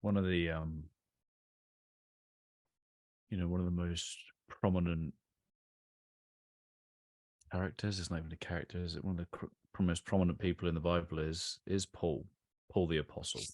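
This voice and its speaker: A male podcast host with a very low, deep voice talks reflectively, pausing on fillers as he thinks aloud. The sound is close and dry, with no room around it. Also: steady tone, darkish tone, no room sound. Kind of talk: casual interview chat.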